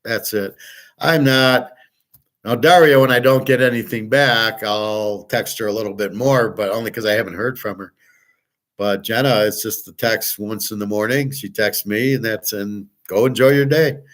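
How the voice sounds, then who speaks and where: A man's voice: fairly low pitch, moderate pace, fairly bright tone. Older man rambling bluntly. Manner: blunt, digressive, profane. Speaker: show host. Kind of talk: rambling personal monologue.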